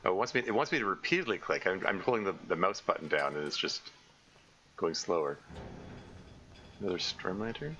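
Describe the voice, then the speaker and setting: A man with a very low, bright-toned voice chats his way through a survival game on a live stream, stumbling over restarts and correcting himself as he goes. The recording is a little dull and lo-fi, with a faint hiss underneath. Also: animated, a little fast, long pauses. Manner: rambling, self-correcting, frequent stammered restarts. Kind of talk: casual live-stream commentary. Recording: slightly dull lo-fi mic with faint noise.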